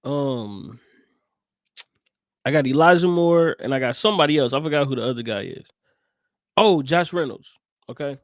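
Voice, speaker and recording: A man's voice: medium pitch, lively intonation, normal speed, long pauses, no room sound. A man co-hosting a podcast in casual chat, easygoing and upbeat with slangy speech. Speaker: podcast co-host.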